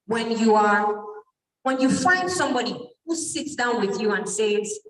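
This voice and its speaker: A woman's voice: a little high, expressive, measured pace, a bit bright. A middle-aged Nigerian woman giving a motivational talk to a church youth camp, putting questions to the audience and answering them herself. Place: large church hall. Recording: echoey hall, mic from far off.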